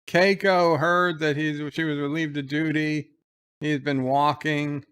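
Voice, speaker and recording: A man's voice: fairly high pitch, unhurried, smooth. A man hosting a live episode commentary, casually retelling the scenes and quoting the characters' lines in his own voice. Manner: excited play-by-play of the scene.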